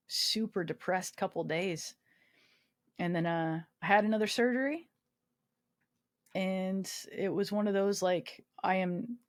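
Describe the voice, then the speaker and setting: A woman in her twenties, a guest on a podcast, telling a personal story candidly with self-mocking humor, swearing and lots of fillers. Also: on the low side. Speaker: podcast guest, army veteran.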